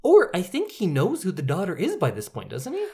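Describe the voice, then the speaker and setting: Wry podcast co-host with lively pitch. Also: fairly quick. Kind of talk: casual movie discussion.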